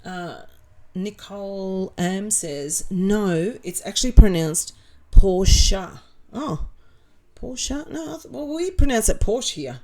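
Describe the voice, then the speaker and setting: A woman's voice: medium pitch, animated, unhurried, warm tone. A woman with an Australian accent hosting a casual livestream, reading viewer comments aloud and answering them in a blunt, sarcastic way. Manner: blunt and sarcastic, swears freely.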